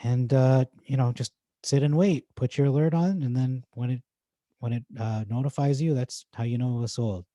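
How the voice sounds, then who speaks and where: Male vlogger, Irish accent, mid-range mellow voice, relaxed chatty delivery with jokey asides, dry close recording. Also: mid-range voice, normal speed, no echo. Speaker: stock market YouTuber. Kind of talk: casual commentary reading forum posts.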